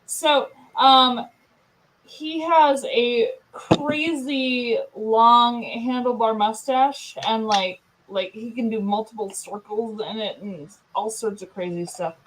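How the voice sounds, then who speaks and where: A woman hosting a craft channel, chatting casually with friends on a group video call, talking in quick asides and laughing often. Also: on the high side, fairly even intonation, fairly bright tone, slight background noise, rough recording.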